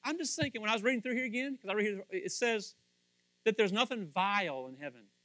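A man preaching with a high, lively voice that leaps between near-whispered asides and loud calls. His tone is bright and forceful, and the sound is dry and close. He keeps putting pointed questions straight to his congregation. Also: a little fast, no echo. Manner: animated, swings from hushed asides to shouting. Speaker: pastor. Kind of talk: sermon.

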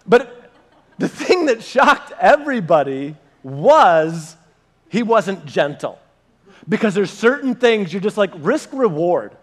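A male pastor preaching a sermon to a live congregation, telling stories in a lively way and talking straight to the people in the room. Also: high-pitched, takes it slowly. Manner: animated storyteller, addresses the congregation directly. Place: church meeting room with a live audience.

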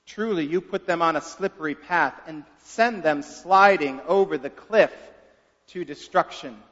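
High-voiced preacher in a dull echoing hall. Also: male voice, a little slow, a bit bright. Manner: conversational, folksy, asks the listeners questions. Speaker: pastor. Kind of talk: sermon. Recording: dull reverberant hall sound.

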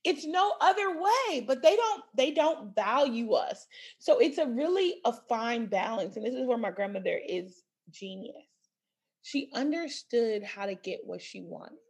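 A woman in her thirties chatting casually, telling stories in an animated way and laughing through her words. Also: fairly high pitch, unhurried, slightly rough. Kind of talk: casual chat.

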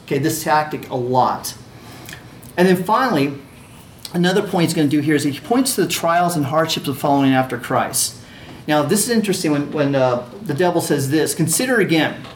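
A man teaching a class on a religious allegory, talking conversationally, repeating phrases and checking in with his listeners. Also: fairly high pitch. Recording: echoey room with faint ambient noise.

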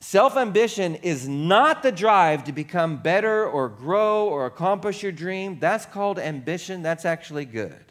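A man's voice: high voice, animated, unhurried, hardly any pauses, a bit bright. A male pastor preaching a sermon in a conversational, self-deprecating way, using playful repetition and humor. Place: church sanctuary.

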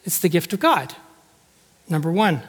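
A man with a high voice delivers a sermon, talking to his congregation in a conversational way and often asking them rhetorical questions. His voice rings out with a long hall reverb around it, as if he were in a large church. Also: very animated, moderate pace, a bit bright, slightly rough. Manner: acts out quoted speech with shifting tone. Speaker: preacher.

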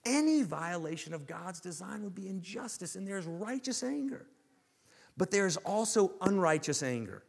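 Animated male pastor preaching in a reverberant hall. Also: high voice, normal speed, vocal fry, breathy edge. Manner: animated preaching, rhetorical questions, swings from loud to hushed. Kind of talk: sermon.

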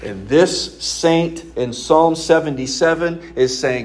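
A man's voice: mid-range voice, lively intonation, measured pace, hardly any pauses. A man preaching a sermon as pastor, conversational and emphatic, posing rhetorical questions to his congregation.

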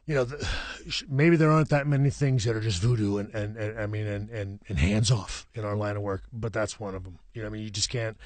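A man's voice: on the low side, darkish tone, no room sound. A middle-aged man, a professional wrestler, talking as a guest in a casual interview, rambling with many restarts and repeated "you know what I mean".

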